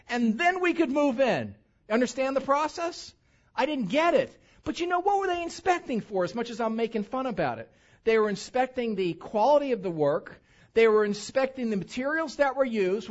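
Animated male preacher, lively delivery. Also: very high voice. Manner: lively, animated preaching with mock-drawl asides. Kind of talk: sermon with humorous anecdote. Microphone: handheld or stage microphone. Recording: slightly dull lo-fi sound.

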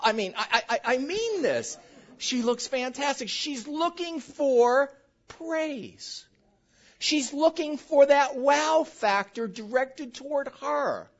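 A woman pastor preaches with a bright, swooping voice that climbs and dips all the time. She tells joking stories right at her congregation. The recording sounds a little muffled. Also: sits high, slow. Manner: animated, joking storytelling addressed to the congregation. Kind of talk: sermon.

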